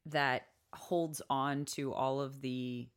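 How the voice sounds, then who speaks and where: A man's voice: mid-range voice, steady tone, slow, clean tone. A man from Atlanta co-hosting a podcast, talking reflectively and restarting his sentences as he thinks. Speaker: podcast co-host. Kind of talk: reflective casual chat.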